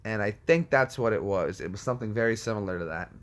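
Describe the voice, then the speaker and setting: A man's voice: fairly low pitch, expressive, fast talker. A man casually chatting as a streamer, answering viewer comments in a jokey way and riffing on movie quotes. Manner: jokey, riffs on movie quotes and puts on silly voices. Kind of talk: casual chat.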